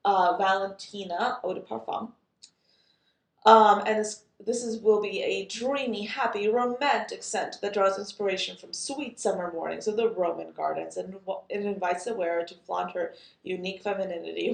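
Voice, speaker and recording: A woman's voice: mid-range voice, creaky, roomy sound. A woman chatting casually as a perfume reviewer, amused and full of fillers and asides. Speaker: fragrance reviewer. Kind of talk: casual chat.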